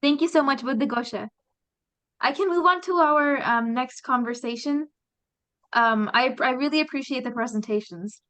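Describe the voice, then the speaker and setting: A woman's voice: high voice, moderate pace, a bit bright, poor audio. A woman teaching English conversation practice, explaining patiently with fillers. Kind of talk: classroom instruction.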